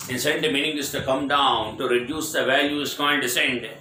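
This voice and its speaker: A man teaching English vocabulary, spelling words out letter by letter, explaining each meaning and repeating it, asking if it is clear. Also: mid-range voice, steady tone, fairly quick, bright, forceful tone. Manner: repetitive, explanatory. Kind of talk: vocabulary lesson. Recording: echoey room with faint ambient noise.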